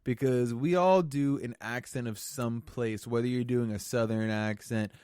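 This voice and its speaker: A man co-hosting a podcast in casual chat, talking haltingly with many fillers and questions. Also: mid-range voice, fairly even intonation, darkish tone, clear, resonant tone, no echo, studio quality. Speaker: podcast co-host.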